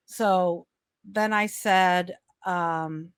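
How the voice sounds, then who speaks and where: Slow-spoken woman. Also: on the low side, no room sound, clean studio sound. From Brazil. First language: Portuguese. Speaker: guest. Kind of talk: casual chat.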